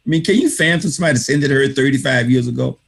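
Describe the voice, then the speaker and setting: A man, the author, gives a motivational talk over a video call to thank readers at an online book reading. Racing along in a medium-pitched, gravelly voice with a breathy edge, he drives it home by repeating key phrases like a preacher.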